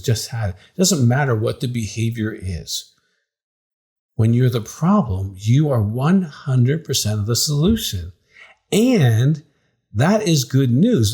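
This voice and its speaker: A middle-aged man, a psychologist and counseling director, giving direct-to-camera advice in an emphatic, animated storytelling way that acts out the dialogue. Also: mid-range voice, husky.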